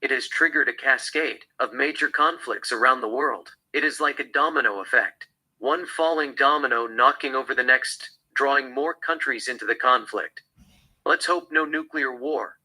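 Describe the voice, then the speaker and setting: A man's voice: medium pitch, moderate pace, pushed and bright, poor audio. A man reading an outspoken woman news reporter.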